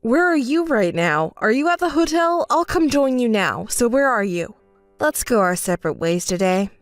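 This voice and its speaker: A woman's voice: on the high side, expressive, moderate pace, dry recording, faint music behind, lightly acted. A woman voicing a hurt, indignant young bride in a text story, scolding and sarcastic. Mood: cold.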